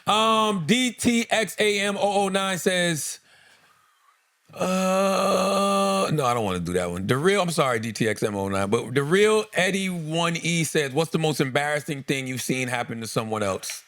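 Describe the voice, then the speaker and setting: A man's voice: a little high, expressive, normal speed, a bit bright. A middle-aged man co-hosting a comedy podcast, telling stories animatedly and laughing often as he acts out quotes. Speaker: podcast co-host. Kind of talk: casual comedic chat.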